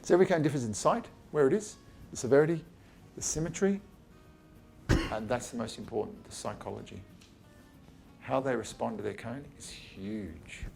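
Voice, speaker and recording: Blunt, chatty man with a gravelly voice. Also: medium pitch, moderate pace, darkish tone, faint music behind. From Australia. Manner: blunt and chatty, swears casually, acts out patient exchanges. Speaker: eye surgeon giving a talk. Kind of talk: informal lecture to colleagues. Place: his office, talking to a small group.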